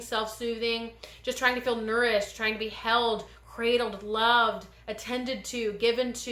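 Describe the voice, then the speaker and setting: A woman giving a gentle, meandering pick-a-card tarot reading, speaking straight to her viewers with many pauses. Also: mid-range voice, roomy sound. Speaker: tarot reader.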